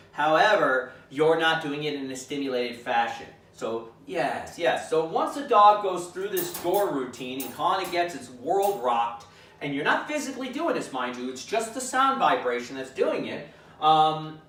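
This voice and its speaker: Man, dog trainer, fairly high voice, calm instructive delivery, echoey room, a bit off-mic. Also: distant mic. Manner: calm, demonstrates commands aloud. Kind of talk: instructional demonstration.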